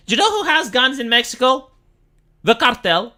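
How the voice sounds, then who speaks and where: A man's voice: extremely high pitch, moderate pace, sharp tone. A man who streams live and reacts with sarcastic, rambling commentary. He swears casually. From Romania.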